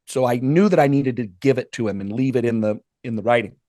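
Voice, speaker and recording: A middle-aged man telling stories as a guest author in a podcast interview, lively and acting out the voices of people he quotes. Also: mid-range voice, fast talker, dry recording, studio quality. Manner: animated, acts out quoted voices.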